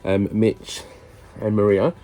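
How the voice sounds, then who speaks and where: A British narrowboat vlogger chats casually and cheekily to camera about life on his boat, laughing often and swearing mildly. His voice is on the low side, warm and level, with a slow pace.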